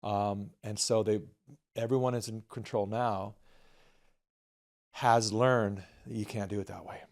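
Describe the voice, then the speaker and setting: A man talking candidly as a guest filmmaker, telling a personal story and quoting friends in softer voices. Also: lowish voice, fairly even intonation, unhurried. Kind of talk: storytelling conversation.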